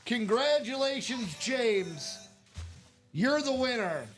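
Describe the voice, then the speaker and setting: A high-voiced man with a hoarse, strained throat, hosting a live card break. He talks in an unhurried, upbeat way and hypes each card as it comes. Music plays behind him. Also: lively intonation. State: losing his voice. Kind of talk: excited live-stream chat.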